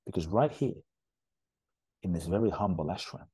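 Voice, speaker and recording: Guest spiritual teacher, male, Ghana-born: deep, husky, earnest and animated in telling. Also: normal speed, dry recording. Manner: earnest, animated storyteller with restarts. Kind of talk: storytelling in a podcast interview.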